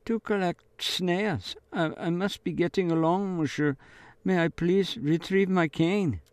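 A man's voice: high voice, a little slow, no echo, voice pushed up. A man voicing a trembling young French girl. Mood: frightened. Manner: trembling, pleading.

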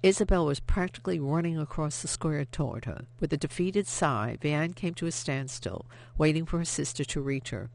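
An audiobook narrator reading a novel aloud in steady, expressive scripted narration. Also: medium pitch, normal speed, vocal fry, hardly any pauses.

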